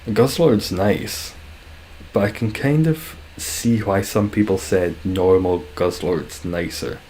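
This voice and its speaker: A man's voice: on the low side, slow pace, darkish tone, slight background noise. A young Scottish man streaming, chatting casually with viewers in a dry, joking way, swearing freely. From Scotland.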